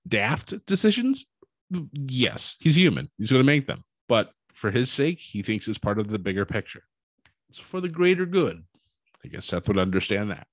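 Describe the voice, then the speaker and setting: A man with a low voice recaps a wrestling show in a loose, animated way, slipping into quick impressions as he tells it. The sound is dry and close, with no room around it. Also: no echo. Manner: animated storytelling, acts out quotes. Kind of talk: casual recap commentary.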